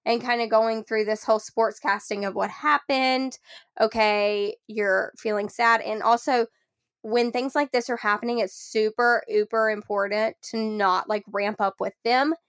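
A woman in her thirties, a mother co-hosting a parenting podcast, explaining calmly and slipping into soft, gentle phrases for a child. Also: on the high side, measured pace. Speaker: podcast co-host. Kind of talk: casual parenting podcast chat.

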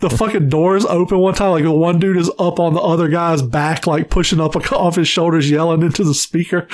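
A man co-hosting a podcast, an animated storyteller who swears freely in casual chat. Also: fairly high pitch, a little fast, no room sound. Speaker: podcast co-host.

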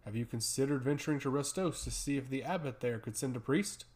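A man voicing an arrogant older high priest who speaks dismissively. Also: brisk, darkish tone, lightly acted. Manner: dismissive, patronizing.

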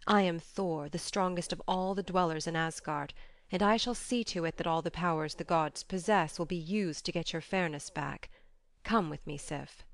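Enraged male god, strong and wrathful, lowish voice; read by a woman narrator. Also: normal speed, dry recording, natural voice. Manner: wrathful, vowing.

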